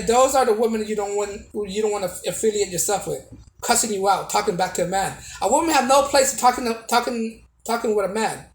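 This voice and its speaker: A man's voice: very high-pitched, reverberant, low-quality recording. A man giving a casual opinion monologue to camera as a video blogger, preachy and repetitive, with many restarts and tag questions.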